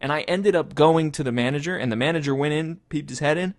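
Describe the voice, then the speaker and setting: A man's voice: on the high side, fast, no room sound. A young man with a Texan accent, co-hosting a casual movie podcast and telling a story in a loose, profane way. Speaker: podcast co-host. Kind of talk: casual chat.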